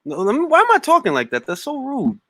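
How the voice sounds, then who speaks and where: A man's voice: very high-pitched, wildly swooping pitch, quick pace, sharp tone, no echo. A man hosting a boxing talk stream, casual, profane and jumping between topics. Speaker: boxing talk show host. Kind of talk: casual livestream chat.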